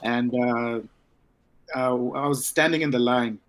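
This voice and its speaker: Relaxed man telling a story. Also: medium pitch, unhurried. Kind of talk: casual chat.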